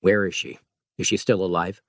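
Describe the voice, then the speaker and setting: A man's voice: sits low, flat delivery, moderate pace, dry recording, clean studio sound. Man voicing a weary grim doctor. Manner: tired, grim.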